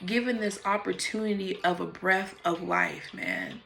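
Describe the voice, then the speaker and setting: A woman's voice: on the low side, wildly swooping pitch, a little slow, creaky, a bit bright, faint music behind. A woman talking casually and frankly into her phone about meditation and personal growth, swearing freely. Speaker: vlogger. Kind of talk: casual spiritual monologue.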